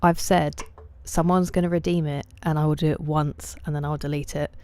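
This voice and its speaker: A woman streaming a game, chatting casually with viewers, greeting them by name and often dropping to a soft near-whisper. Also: sits low, little pitch movement, normal speed, clean tone. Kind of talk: casual live-stream chat while gaming.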